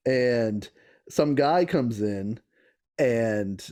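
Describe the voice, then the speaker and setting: A man's voice: medium pitch, drawn-out words, darkish tone, smooth. A man co-hosting a comedy podcast, casually retelling a story with frequent laughs. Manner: laughs often, slips into impressions while retelling. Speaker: podcast co-host.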